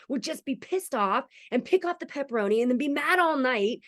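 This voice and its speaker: A woman's voice: sits high, expressive, a little fast, hardly any pauses. A woman hosting a casual spiritual podcast, chatty and candid, swearing freely. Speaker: podcast host.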